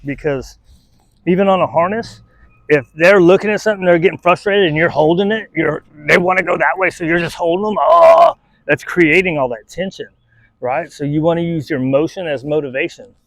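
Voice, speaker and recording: A man's voice: a little high, brisk, no echo, rough recording. A man, a dog trainer, giving casual, conversational training advice outdoors and often checking in with "right?". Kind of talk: casual instructional talk.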